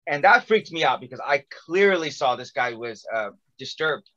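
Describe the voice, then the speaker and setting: A man's voice: fairly high pitch, moderate pace, muffled recording. A man telling a long personal story in casual conversation, acting out quotes with lots of fillers. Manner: animated, acts out quotes with many fillers.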